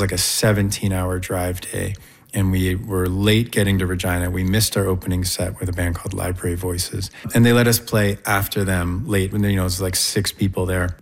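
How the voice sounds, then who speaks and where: A man casually telling an excited road-trip story, with fillers and lively rises. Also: low voice.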